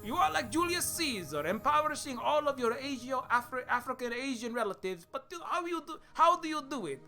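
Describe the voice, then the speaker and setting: A man's voice: very high voice, animated, fairly quick, pushed and bright, faint music behind, full character voice. A man doing a boastful mock-Italian Roman. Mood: blithe. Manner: broken English, blithe and boastful. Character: boastful Roman colonizer, cheerfully brutal.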